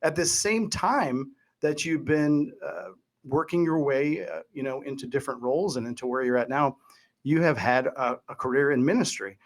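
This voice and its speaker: A man's voice: medium pitch, moderate pace. A man hosting a podcast interview, easygoing and chatty with frequent fillers. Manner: easygoing, chatty, heavy on "you know" fillers. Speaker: podcast host. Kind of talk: casual interview chat.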